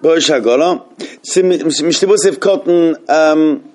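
A man's voice: on the high side, a little fast, a little mellow. A man teaching a live class on Jewish law to a room of students, often restarting his sentences and putting questions to the listeners. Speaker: Torah teacher.

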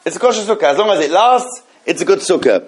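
Man, lecturing on religious law, slightly high voice, halting restarts, rhetorical questions. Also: lively intonation. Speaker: Torah teacher. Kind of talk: live class on Jewish law.

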